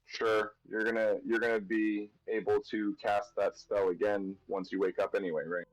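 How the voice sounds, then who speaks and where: Very low-voiced hesitant man player. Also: flat delivery, normal speed, no echo, poor audio. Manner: hesitant, thinks aloud with fillers. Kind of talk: in-character tabletop play.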